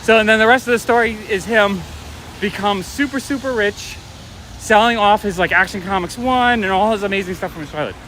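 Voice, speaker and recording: This middle-aged vlogger chats with viewers on a walking livestream outdoors, a rambling storyteller speaking a little fast in a high, bright, forceful voice. The phone or camera he carries picks up faint city traffic and street ambience.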